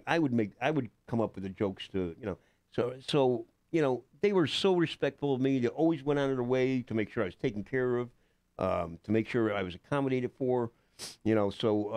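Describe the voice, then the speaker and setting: A man's voice: mid-range voice, expressive, a little fast, darkish tone, no echo. An older man, a guest actor on a radio show, telling rambling stories in casual talk, with many fillers and restarts. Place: radio studio.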